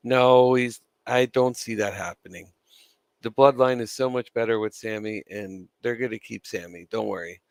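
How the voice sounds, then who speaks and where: A man's voice: lowish voice, normal speed, dry recording. Gum-chewing man ranting casually. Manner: chatty, swears freely, laughs between points. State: chewing gum, dry mouth. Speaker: wrestling news vlogger. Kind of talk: casual opinionated commentary.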